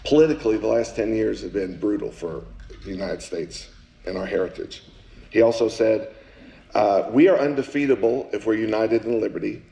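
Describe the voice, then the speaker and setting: A man giving a live speech at a public celebration, folksy, with jokes for the crowd, and slow and emphatic on his key lines. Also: lowish voice, creaky, dark tone. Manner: folksy, joking asides with the crowd. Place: event hall. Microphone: handheld mic at a podium. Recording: echoey room.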